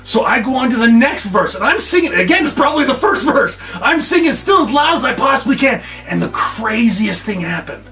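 A man's voice: extremely high pitch, very animated, a little fast, hardly any pauses, sharp tone, distant mic, soft background music. A middle-aged man, a school coach, telling students a story from his own life and acting out his reactions with big swings. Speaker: school coach giving a morning talk.

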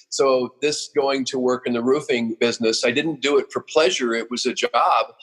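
Husky-voiced man in his fifties, podcast guest; emotional, self-deprecating stories, stumbles and restarts. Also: mid-range voice, fairly bright tone, poor audio. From Oregon, USA. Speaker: guest, roofing company founder. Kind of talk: casual podcast storytelling.

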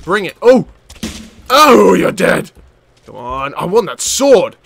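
Young guy yelling and joking thru a let's play, swears a lot, voice jumps all over, high pitched. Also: a little slow, vocal fry, a little hiss or hum. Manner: excitable, jokey, swears and laughs often. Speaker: gameplay commentator. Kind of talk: excited let's-play commentary.

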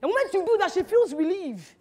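A woman giving an animated, teasing church talk to an audience, full of rhetorical questions. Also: extremely high pitch, fairly quick, in a large hall. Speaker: speaker at a church teaching. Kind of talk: lively sermon-style talk to an audience.

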